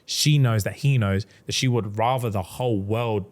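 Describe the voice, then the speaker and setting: With a lowish voice and a moderate pace, this young co-host chats about a book's plot on a podcast. He brings the story to life, raising his voice to act out what the characters say.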